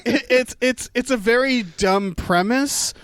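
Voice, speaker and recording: Man, podcast co-host, high voice, dry close sound, rambling casual chat, swears a lot. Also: unhurried, a bit bright, clean tone, dry recording. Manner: rambling, swears freely, many fillers and restarts.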